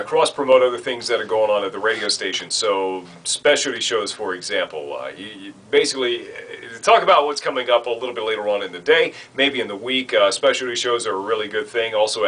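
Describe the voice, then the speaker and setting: Low-voiced man teaching radio basics. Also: a bit bright, poor audio. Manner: conversational, many "uh" fillers. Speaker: radio station trainer. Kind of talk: instructional talk.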